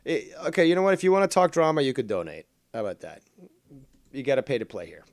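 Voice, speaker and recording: A man's voice: medium pitch, sing-song, fast talker, no room sound. Rambling sarcastic livestream host man. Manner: rambling, sarcastic, swears at software. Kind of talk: casual livestream chat.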